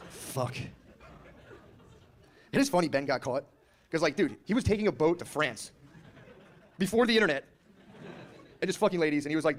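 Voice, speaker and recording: A man's voice: a little high, expressive, a little fast, pauses often. A man in his thirties doing a stand-up comedy set on a club stage. He is brash and profane, riffs with the crowd and acts out characters.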